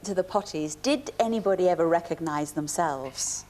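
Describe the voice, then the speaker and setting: A woman's voice: lowish voice, normal speed, mellow. A woman hosting a TV talk show, prompting her guest with questions. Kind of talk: interviewing a guest. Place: TV studio.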